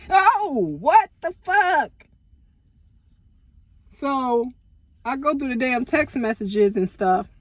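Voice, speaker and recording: A young woman casually telling a personal story to camera, animated and full of profanity and slang. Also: a little high, slow pace, no echo. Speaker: storytime vlogger.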